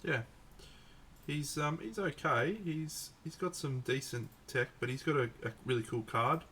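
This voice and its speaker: A man's voice: medium pitch, measured pace, sharp tone, slight background noise. A man with an Australian accent, chatting casually while painting miniatures on a live stream, joking with a mate. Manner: joking, laid-back banter with a mate.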